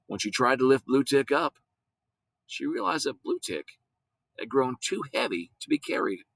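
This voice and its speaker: A man narrating a storybook aloud in an expressive way. His voice is bright and swings freely in pitch. The recording is close and dry, with no room sound. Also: normal speed, vocal fry, no room sound, low-quality recording. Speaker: audiobook reader.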